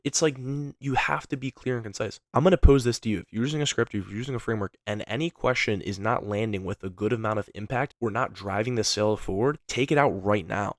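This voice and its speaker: A man coaching on sales in an energetic, conversational way, often tagging his points with "right?". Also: on the low side, fast, few pauses, dry recording, studio quality.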